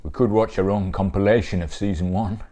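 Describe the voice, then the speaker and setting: A man's voice: deep voice, a little fast, soft background music. A man doing a blunt Yorkshire northern lord. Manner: blunt, homely, excitable exclamations. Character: gruff northern lord and father, blunt, homely. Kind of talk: comedic impression sketch.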